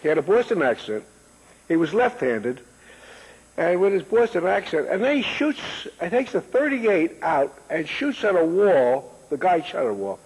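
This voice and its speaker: A man's voice: high voice, big pitch swings, normal speed, darkish tone, slightly rough. A man in his eighties, a guest in a casual interview, telling rambling stories and joking and laughing often. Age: 80s. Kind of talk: casual chat. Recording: long echoing reverb.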